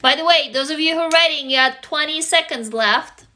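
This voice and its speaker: A woman's voice: sits high, brisk, sharp tone. A tired woman hosting a casual livestream, talking candidly with viewers, swearing freely and tossing them rhetorical questions. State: tired, sleepy. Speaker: livestream host answering viewers.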